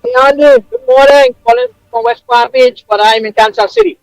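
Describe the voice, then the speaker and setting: Very high-voiced hesitant radio caller. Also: male voice, animated, brisk, no room sound, low-quality recording. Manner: hesitant, restarts to make his point. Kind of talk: call-in radio.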